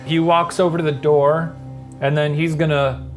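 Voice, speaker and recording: A man in his thirties, the game master, narrating a tabletop game in a relaxed, dry, meandering way. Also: on the high side, normal speed, soft background music.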